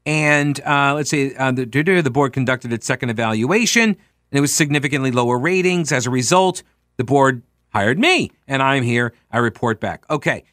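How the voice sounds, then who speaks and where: A man's voice: mid-range voice, lively intonation, moderate pace, a bit bright, no room sound, studio quality. A man hosting an opinionated political commentary show, reading documents aloud and breaking off into sarcastic, incredulous asides. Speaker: talk show host.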